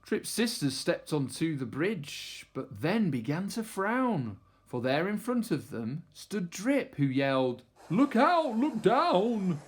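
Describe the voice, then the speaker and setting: Male storyteller, children's picture book read-aloud, animated and unhurried. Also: on the high side. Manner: expressive, sing-song rhyming delivery.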